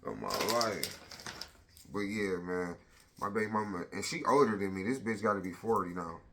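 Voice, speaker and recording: A man's voice: sits low, expressive, moderate pace, background noise. A man in his thirties telling a personal story on a casual vlog, blunt and profane, retelling it with lots of energy.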